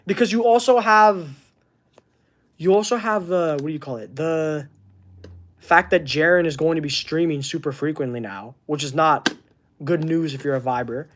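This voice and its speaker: A man from Canada, hosting a casual livestream and chatting with viewers in a halting, earnest way as he searches for words. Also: on the high side, fairly bright tone, a little hiss or hum. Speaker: wrestling channel host. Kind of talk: casual livestream chat reading comments.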